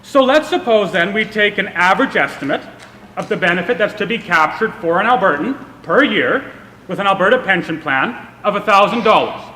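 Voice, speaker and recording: A man's voice: sits high, lively intonation, a little fast, sharp tone, slight background noise. A man giving a public speech at a political event, explaining an idea through a self-deprecating personal story. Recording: long reverb of a hall.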